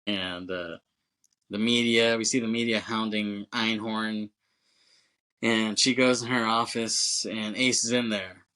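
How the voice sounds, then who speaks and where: A man's voice: fairly low pitch, fairly even intonation, measured pace, pushed and bright, rough recording. A male podcast co-host recapping a movie in loose, casual chat, full of fillers, swearing and chuckles.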